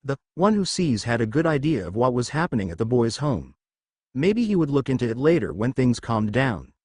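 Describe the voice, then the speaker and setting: A man reading a fan fiction story aloud, with small pitch shifts to mark the dialogue. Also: big pitch swings, normal speed, a little mellow, slightly rough, dry recording, studio quality. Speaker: narrator. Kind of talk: scripted fan fiction narration.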